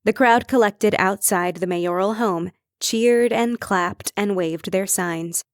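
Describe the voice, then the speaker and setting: A woman reading an audiobook in measured, even scripted narration. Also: mid-range voice, no echo, clean studio sound.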